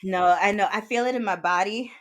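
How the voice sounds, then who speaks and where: A woman's voice: medium pitch, fairly quick, a crowd in the background. A woman co-hosting a podcast in casual chat, joking and laughing easily. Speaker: podcast co-host.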